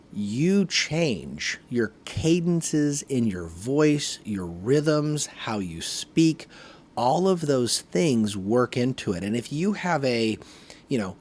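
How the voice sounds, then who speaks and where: A man hosting his podcast, talking casually to camera in one take, with lively emphasis and a habit of saying "right", recorded on a phone camera. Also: medium pitch. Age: adult, working a full-time job. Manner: conversational, varied emphasis, often says "right". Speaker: podcast host.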